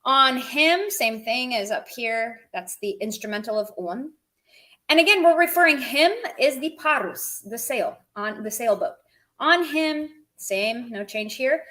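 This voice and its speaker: Woman, teacher, slightly high voice, slow deliberate pace, chatty live lesson. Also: expressive, a bit bright, rough recording. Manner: explains word by word, chatty asides to viewers. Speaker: Russian language teacher. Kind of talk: live-stream language lesson.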